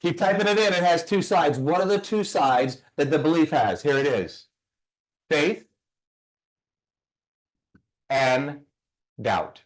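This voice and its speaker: A man's voice: a little high, normal speed, hardly any pauses. A man teaching a motivational session, emphatic, firing rhetorical questions and asking listeners to type their answers. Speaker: personal growth speaker.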